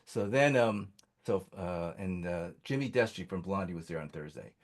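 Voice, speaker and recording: Rambling man telling stories, lowish voice. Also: expressive, moderate pace. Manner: rambling, many fillers and restarts. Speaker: panelist. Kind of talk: casual storytelling.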